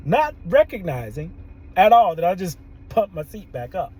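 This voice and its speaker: A man, a therapist and podcast host, telling a story in an animated way, often laughing and quoting people. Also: sits high, normal speed, slightly rough, rough recording. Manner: animated, laughs often, quotes people in their own voices. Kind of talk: storytelling monologue.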